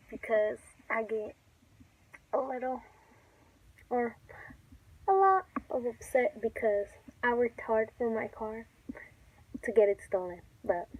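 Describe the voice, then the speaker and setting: A woman's voice: on the high side, a little mellow, slightly rough, poor audio. A young woman telling a casual, chatty storytime, swearing freely as she recounts events. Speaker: YouTuber.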